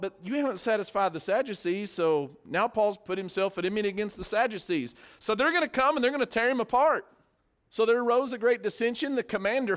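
A man's voice: high-pitched, a bit bright. A man preaching a verse-by-verse sermon, explaining the text in a conversational way with asides and repeated words. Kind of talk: sermon, Bible study teaching.

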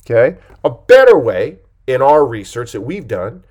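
A man coaching his listeners on a podcast, speaking at an ordinary mid pitch. He presses his points with lively jumps in pitch and loudness. He keeps checking in with a quick "okay?". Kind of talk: podcast talk.

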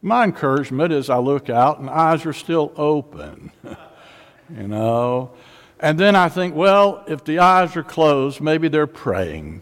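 A man's voice: fairly high pitch, sing-song, takes it slowly. A man preaching a sermon, building up to rising, repeated call-and-response lines in a nearly empty sanctuary. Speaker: pastor. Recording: long hall reverb.

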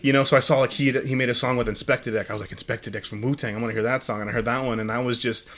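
A man's voice: medium pitch, fairly even intonation, racing, fairly bright tone, slight background noise. A man hosting a casual podcast chat, telling rambling stories and swearing freely. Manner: rambling storytelling, frequent swearing.

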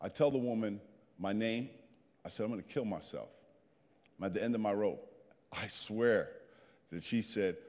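Animated storytelling man in his fifties. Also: lowish voice, moderate pace, pauses often, long reverb tail. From New Jersey. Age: 50s. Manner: animated, plain-spoken storyteller. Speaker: guest speaker. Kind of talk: storytelling talk to a group.

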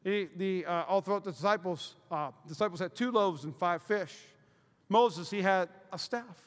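A man preaching a sermon as pastor, telling lively stories with acted-out quotes and loud asides. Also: high-pitched, normal speed. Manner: energetic storytelling with shouted asides and acted quotes. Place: church hall. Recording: roomy hall reverb.

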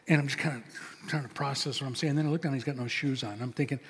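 Older pastor with a husky voice. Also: male voice, mid-range voice, steady tone, fast. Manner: conversational, storytelling, acts out dialogue. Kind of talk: sermon. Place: church sanctuary. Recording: long reverb of a large hall.

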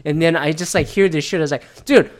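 Man with a slightly higher voice; loose, profane, rambling rant delivery. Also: steady tone, fast talker. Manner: mimics others in quoted asides. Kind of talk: casual rant on current events.

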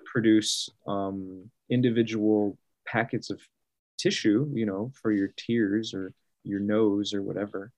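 A man chatting casually as a guest, animated and laughing often, acting out other people's reactions. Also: fairly low pitch, unhurried, dry recording. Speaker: guest artist. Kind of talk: casual storytelling.

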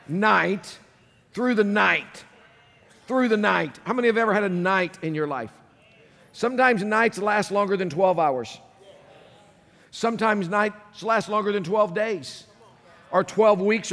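A high-pitched male pastor delivers an animated sermon, his voice rising into loud emphasis and dropping to near-hushed phrases. The sound carries a long reverb, as from a large church sanctuary. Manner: animated preaching, swinging between loud and hushed.

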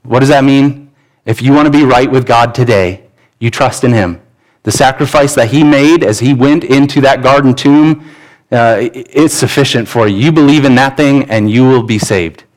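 A man's voice: medium pitch, poor audio. A pastor preaching a sermon in a church, earnest and pleading, often restarting his words. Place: church sanctuary.

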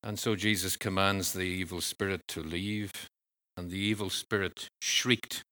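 Unhurried and deliberate, a male preacher gives a sermon in a bright, forward voice pitched a bit low. He keeps a steady tone and delivers earnest, measured phrases.

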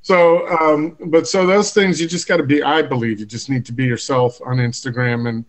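A man's voice: medium pitch, fairly even intonation, normal speed. A man hosting a podcast who rambles through long, musing questions. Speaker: podcast host. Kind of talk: casual podcast interview.

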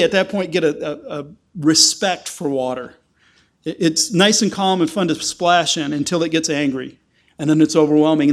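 A man preaching an earnest sermon, often repeating words as he explains scripture. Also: fairly high pitch. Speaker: pastor.

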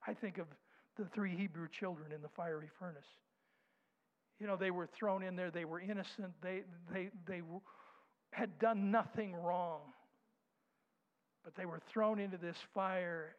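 A man preaching a sermon, dropping to soft whispers and rising to loud, slow declarations. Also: high voice. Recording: dull sound with long hall reverb.

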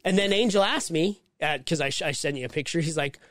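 A man co-hosting a podcast, telling stories in a casual, profane, animated way. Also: on the high side, fast talker, no echo, studio quality. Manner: profane, storytelling, animated when quoting. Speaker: podcast co-host. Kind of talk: casual chat.

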